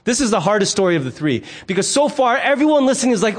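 High-voiced man preaching a lively sermon. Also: quick pace. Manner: animated storyteller who acts out quoted voices; conversational and humorous. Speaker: pastor.

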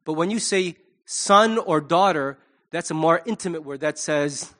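A middle-aged male pastor delivering a sermon in a fairly high voice. He is animated and lively, slipping into quick voices for the people he quotes.

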